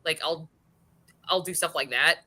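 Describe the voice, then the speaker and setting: A woman from California talks bluntly and casually, throwing in the odd swear. Her voice is lowish but bright and forceful in tone. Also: a little slow. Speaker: book club co-host. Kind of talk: casual chat.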